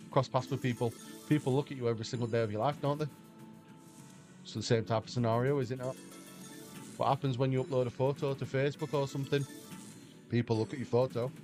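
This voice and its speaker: A man's voice: medium pitch, darkish tone. An English man livestreaming slots, chatting casually and rambling as he answers viewers' questions aloud. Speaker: slot livestreamer. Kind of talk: casual chat with stream viewers.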